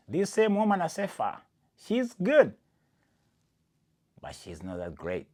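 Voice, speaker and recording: An animated man from Kenya gives casual athletics commentary as a podcast host. His pitch swings widely while he presses each point. He keeps calling the listener "my friend" and talks to them directly. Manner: animated and emphatic, speaks straight to the listener as "my friend".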